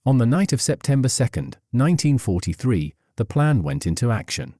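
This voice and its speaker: A man giving scripted documentary narration in a measured, storytelling delivery. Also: medium pitch, big pitch swings, warm tone, no echo, clean studio sound.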